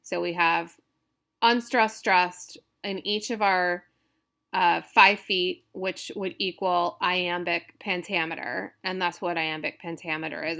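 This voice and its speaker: A woman's voice: lowish voice, fairly bright tone. A woman instructor giving a recorded lecture, explaining step by step with frequent fillers and restarts.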